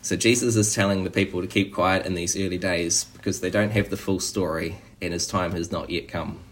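A man preaching a sermon in a relaxed, conversational way, often restarting and saying "you know". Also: sits low, fairly quick, slight background noise.

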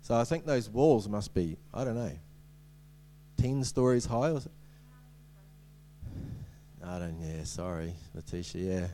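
A man's voice: lowish voice, measured pace, long pauses, mellow, a little hiss or hum. A man giving a sermon as a preacher, in a conversational way with many ums and restarts and light humorous asides.

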